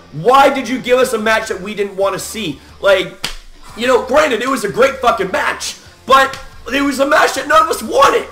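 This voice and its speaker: A man giving a loud, animated reaction rant as a wrestling fan vlogger, swearing and shouting often. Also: very high voice, reverberant.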